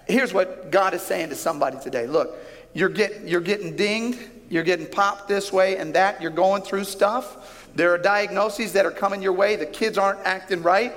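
A male pastor delivers a sermon with an animated, emphatic style, slowing down and lifting his voice for key lines. His voice sits a little high. A long reverb trails behind his voice in a large auditorium. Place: large church auditorium with a stage.

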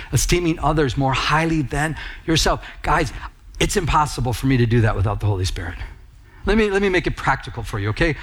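A man's voice: a little high, fairly bright tone. Conversational male pastor preaching. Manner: casual, conversational storytelling with laughs. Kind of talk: sermon with personal stories. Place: church.

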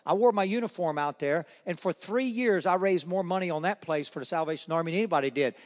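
Middle-aged guy sharing his testimony, kinda high voice, long echo off the hall walls. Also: quick pace. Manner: storytelling, acts out voices. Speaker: guest speaker. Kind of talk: personal testimony talk. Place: men's breakfast hall. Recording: echoey hall.

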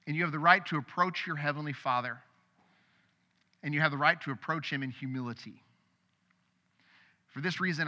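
A middle-aged man preaching a sermon as pastor, conversational and animated, with sudden loud bursts. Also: medium pitch, dull audio. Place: church sanctuary. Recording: long hall reverb.

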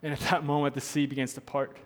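A man's voice: fairly high pitch, level tone, quick pace. A man preaching a sermon as pastor, earnest, repeating his points for emphasis. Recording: long hall reverb.

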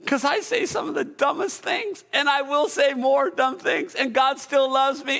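A male pastor preaching a sermon with energetic, animated storytelling and frequent prompts to the congregation. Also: very high voice, measured pace, vocal fry, few pauses.

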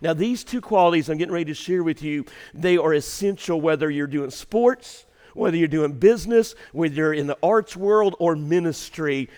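A man preaching from the pulpit with a high-pitched voice that carries through a reverberant church hall. His delivery swings from quiet, intimate storytelling to loud, shouted emphasis. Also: moderate pace, hardly any pauses. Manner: dynamic, swings from hushed to shouting. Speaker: pastor. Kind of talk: sermon. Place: church sanctuary.

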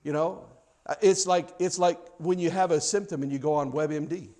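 A man with a fairly high voice delivers a sermon to his congregation. He repeats key phrases and builds his lines in a rising, insistent rhythm, with the animated pace of a storyteller. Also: normal speed. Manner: builds to a rising, forceful cadence. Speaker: pastor.

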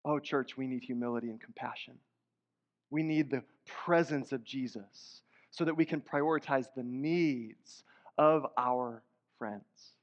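A man's voice: mid-range voice, unhurried. A man preaching a sermon as pastor, earnest and conversational, with rising emphatic bursts. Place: church sanctuary. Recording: dull sound in a hall with long reverb.

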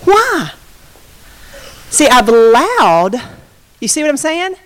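A woman giving a sermon testimony, telling her story in an animated way and acting out the quotes. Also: high voice, slow. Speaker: preacher. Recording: reverberant hall.

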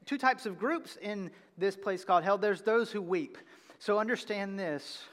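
A man preaching a sermon as pastor, earnest and building to loud emphatic peaks, speaking to a congregation. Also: a little high, in a large hall. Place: church sanctuary.

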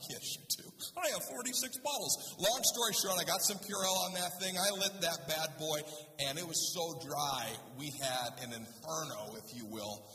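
A male pastor telling a humorous story in a sermon, animated and lively. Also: on the high side, slight background noise. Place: church sanctuary. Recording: roomy church hall, voice from a distance.

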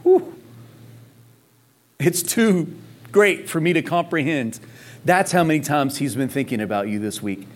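A man's voice: on the high side, moderate pace. A man preaching a sermon in a casual, conversational way, full of rhetorical questions and emphasis. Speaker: pastor. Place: church service in Texas.

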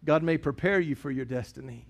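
Storytelling pastor, higher voice. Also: male voice, brisk, vocal fry. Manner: storytelling, conversational preaching with acted dialogue. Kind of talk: sermon.

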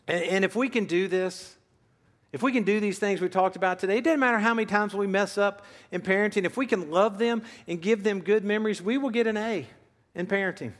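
A man's voice: high-pitched, brisk, long reverb tail. A man in his fifties preaching a sermon as pastor, earnest and conversational as he tells stories and drives points home. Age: 50s. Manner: earnest, conversational storytelling with shifting emphasis.

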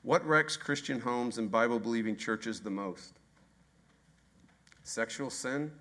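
A man's voice: medium pitch, measured pace, pauses often, fairly bright tone. A man preaching a sermon, emphatic and repetitive, often asking the congregation rhetorical questions. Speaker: pastor.

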